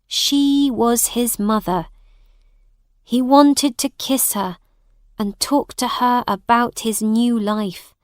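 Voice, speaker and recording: Woman narrator for a learners' audiobook: very slow, clear and dry, close-miked. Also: a little high, no room sound. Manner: deliberate, expressive reading with acted voices.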